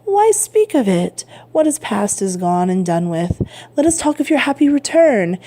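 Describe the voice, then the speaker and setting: A woman's voice: medium pitch, very animated, normal speed, dark tone. A woman voicing a sly, grudging young male tailor who needles his neighbor in a storybook reading.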